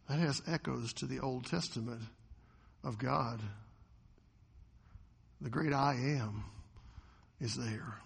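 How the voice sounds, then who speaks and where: A man preaching a sermon as a pastor, animated, often acting out the voices of the people in the story. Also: mid-range voice, a little slow, vocal fry, long pauses, husky, in a large hall.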